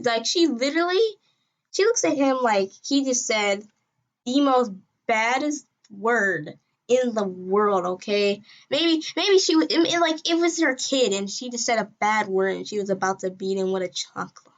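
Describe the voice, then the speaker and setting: A woman telling a story from her school days in a casual, rambling way, with sudden excited jumps in pitch and loudness.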